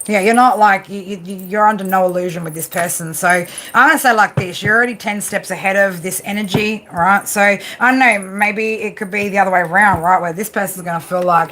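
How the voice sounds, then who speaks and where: A woman's voice: mid-range voice, fairly even intonation, a little fast, hardly any pauses, sharp tone, slight background noise. A woman giving a live tarot reading. She is blunt and swears freely. She coaches emphatically and keeps asking "right?". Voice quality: blunt and profane, peppers talk with "right?". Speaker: tarot reader.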